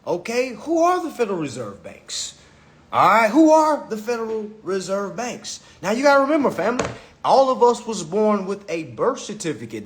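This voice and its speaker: Animated, profane man ranting on a livestream. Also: high-pitched. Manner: profane, preachy, mocking, repeats himself. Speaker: livestream host. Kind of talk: casual livestream rant.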